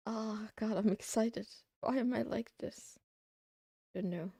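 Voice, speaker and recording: Woman streamer, slow unhurried chat, slightly high voice, excitable rambling with playful meows, dry close sound. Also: gravelly, slightly rough, no room sound. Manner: rambling and excitable, meowing between remarks. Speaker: livestreamer. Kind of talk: casual chat to a live audience.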